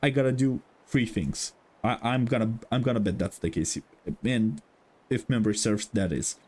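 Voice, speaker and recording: A man's voice: mid-range voice, normal speed, darkish tone. A young man casually commenting on a game as the channel's host, thinking aloud and swearing freely.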